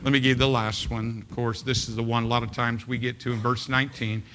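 A man's voice: medium pitch, flat delivery, quick pace, few pauses, fairly bright tone, slight background noise. A man preaching a sermon as pastor, emphatic and folksy, often repeating his phrases.

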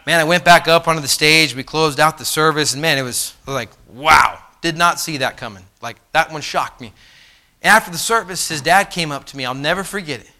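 Bright-voiced preacher telling a story. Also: male voice, a little high, fairly quick. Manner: animated, builds to loud passionate outbursts then drops soft. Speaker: pastor. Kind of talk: sermon storytelling.

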